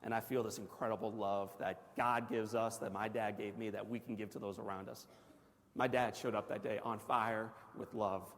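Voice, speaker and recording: A man's voice: fairly low pitch, moderate pace. Man telling his story in a reverberant hall. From Missouri, USA. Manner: dramatic storytelling, swinging from loud excited bursts to hushed near-whispers; asks the audience direct questions. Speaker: Christian guest speaker. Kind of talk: personal testimony speech. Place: large banquet hall. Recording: long hall reverb from a large room.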